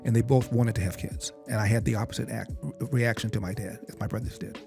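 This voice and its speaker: A man's voice: medium pitch, fairly even intonation, quick pace, gravelly, a little mellow. An older man recounting a family story as a podcast guest, quoting his father in direct speech. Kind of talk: storytelling in an interview. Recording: music bed behind the voice.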